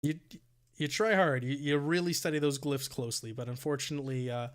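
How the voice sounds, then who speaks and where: A man running a tabletop game as dungeon master, describing scenes in a halting way with many fillers. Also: a little high, fairly even intonation, clear, resonant tone. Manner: halting, restarting narration with fillers.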